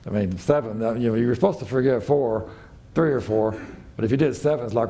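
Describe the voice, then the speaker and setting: A man's voice: fast talker, warm tone. A man preaching a sermon as pastor, telling a parable in a conversational way and acting out the lines of the people in it. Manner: conversational storytelling, acting out quotes with raised pitch.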